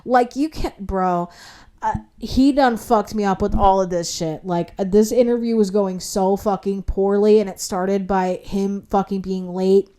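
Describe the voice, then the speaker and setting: A young woman tells a story straight to camera in a loose, casual rant. She swears freely and fills her speech with "like". Her voice sits in a middle pitch and leaps high whenever she gets indignant. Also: normal speed, hardly any pauses. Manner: profanity-laden, heavy use of "like"; animated, indignant retelling with sudden jumps in pitch. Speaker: vlog host.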